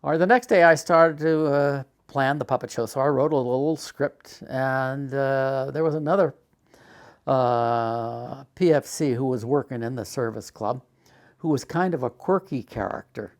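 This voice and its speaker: An older man telling a personal story, halting with frequent uhs and acting out the people he quotes. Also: medium pitch. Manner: animated retelling, acts out quotes. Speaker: documentary subject.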